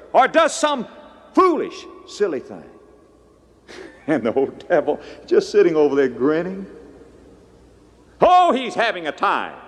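Dramatic preaching man in an echoing hall. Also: fairly high pitch. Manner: dramatic preaching with sudden swings between hushed and loud. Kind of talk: sermon. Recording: long echo of a large hall.

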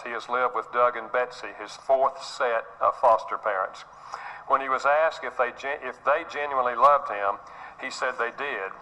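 Middle-aged guy preaching earnestly, really bright forceful voice, says things twice. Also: medium pitch, rough recording. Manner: earnest, repeats himself, acts out quotes. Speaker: speaker on parenting. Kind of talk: sermon-style talk.

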